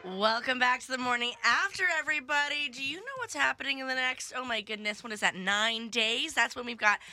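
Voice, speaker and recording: A woman's voice: on the high side, fairly quick, sharp tone. A young woman hosting a casual radio chat show, bubbly and laughing often. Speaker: host.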